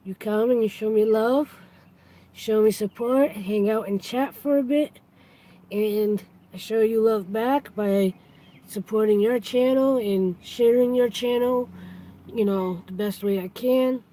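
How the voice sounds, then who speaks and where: A woman's voice: a little high, unhurried, warm tone, poor audio. A woman hosting a casual live stream, chatty, greeting and thanking her viewers as they come in.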